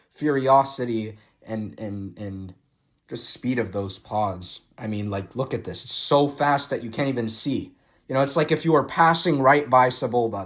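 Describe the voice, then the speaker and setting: A young man giving casual, excited commentary on film stills, swearing freely and full of fillers and restarts. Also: mid-range voice. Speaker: vlogger reviewing a film photo book. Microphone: phone.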